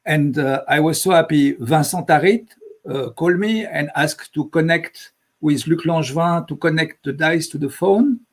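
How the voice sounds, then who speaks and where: A man with a French accent who speaks English as a second language, a guest on a live stream, explaining his invention in halting English while he searches for words. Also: fairly high pitch.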